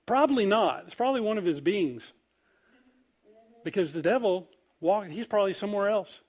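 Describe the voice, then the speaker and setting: Using a voice that sits high and a normal speed, a man delivers a funny sermon. He performs the quoted characters' voices as the story unfolds, and his volume rises and falls dramatically.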